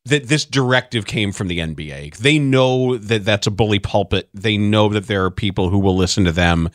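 A man co-hosting a sports talk show, sarcastic and quick with jokes. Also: on the low side, no echo, clean studio sound. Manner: sarcastic, quick, laughs often.

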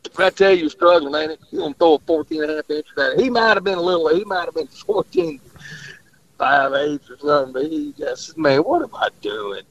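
A man's voice: on the high side, sing-song, fairly quick. A man, a fishing guide rambling through stories in casual radio chat and laughing often. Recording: dull lo-fi radio audio.

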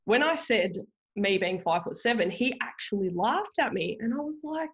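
A woman's voice: a little high, animated, normal speed. Chatty woman podcast host. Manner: chatty and rambling, with frequent um, self-corrections and light laughter. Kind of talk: casual storytelling monologue.

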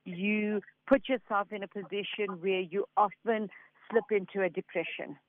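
A man with a high voice gives psychic readings on a radio show. He sounds earnest and reassuring and passes messages along in quick runs. The sound is dry and tinny, like a phone line. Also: steady tone, dry recording. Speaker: psychic medium.

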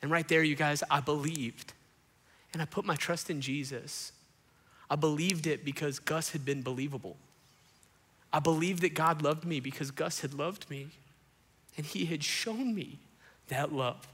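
A young man, a pastor telling his story in an animated sermon to a congregation, acting out the quotes. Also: a little high, measured pace, pauses often, slightly rough. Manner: animated, acts out quotes, addresses crowd as y'all. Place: church auditorium before a congregation. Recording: long hall reverb.

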